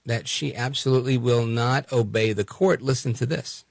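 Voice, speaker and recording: A man's voice: mid-range voice, steady tone, normal speed, vocal fry, no echo, clean studio sound. A man hosting talk radio, going over the news in a loose, joking way with many fillers.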